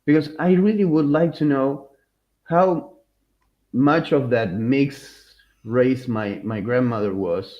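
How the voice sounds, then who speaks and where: A man co-hosting a podcast, chatting casually in an animated, rambling way, often restarting his sentences and laughing. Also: medium pitch, takes it slowly, lo-fi sound. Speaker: podcast co-host. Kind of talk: casual chat.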